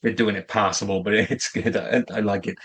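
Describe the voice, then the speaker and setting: A man's voice: on the low side, steady tone, brisk, a bit bright, husky. A man co-hosting a casual film podcast, teasing and laughing easily. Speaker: podcast co-host.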